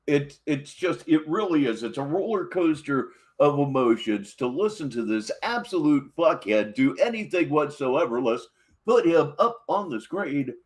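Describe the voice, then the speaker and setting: A man's voice: on the high side, expressive, moderate pace. A man hosting a livestream show, introducing a clip with sardonic, mocking asides. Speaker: livestream host. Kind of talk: casual stream commentary.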